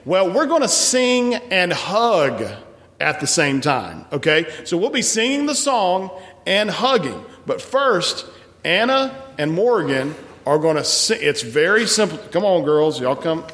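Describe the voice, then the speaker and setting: Leading a service in a large church sanctuary, a folksy, encouraging pastor gives announcements and leads congregational singing, often restarting sentences. His high voice is very animated, unhurried, and a bit bright, with long hall reverb around it.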